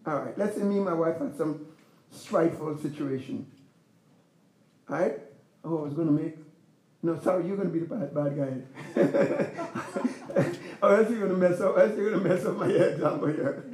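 A man's voice: fairly high pitch, normal speed, a little mellow, echoey room. A man preaching a sermon as pastor, in a conversational style with rhetorical questions to the congregation. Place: church.

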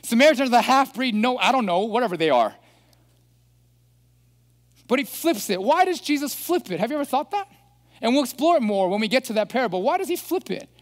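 High-voiced pastor preaching in echoing hall. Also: male voice, brisk, pauses often. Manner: animated, asks the congregation rhetorical questions. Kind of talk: sermon. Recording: long hall reverb.

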